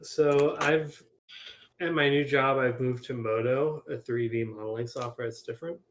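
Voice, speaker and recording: A man's voice: mid-range voice, fairly even intonation, normal speed, a little hiss or hum. A man, a game developer, talking casually in a group voice chat, rambling with many restarts while he has the hiccups.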